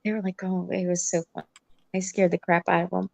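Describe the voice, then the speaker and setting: A woman's voice: lowish voice, level tone, fairly quick, creaky, darkish tone. An older woman with grandchildren, frankly telling family stories in a casual livestream chat, laughing often.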